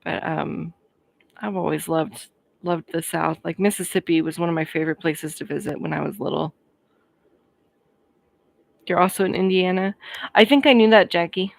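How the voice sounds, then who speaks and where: A woman's voice: lowish voice, gravelly. A woman in her thirties from Colorado, chatting casually on a livestream and answering viewers' comments. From Colorado, USA. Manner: chatty, friendly, quick to laugh. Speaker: livestream host. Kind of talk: casual chat reading live comments.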